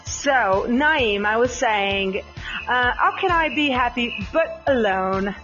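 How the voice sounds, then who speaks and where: Slow-talking woman chat host, British-American accent. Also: fairly high pitch, lively intonation, fairly bright tone, muffled recording, faint music behind. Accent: mix of British and American English. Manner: chatty, rambling, with frequent fillers and laughs, addressing listeners by name. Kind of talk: casual live chat with listeners.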